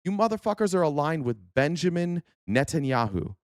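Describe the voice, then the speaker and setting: An angry man hosts a political live stream, cursing freely and firing questions back at his chat. His voice sits fairly high, and his sarcastic mock quotes land hard. The sound is close and dry, with no room around it. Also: big pitch swings, normal speed, no room sound. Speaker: political talk show host.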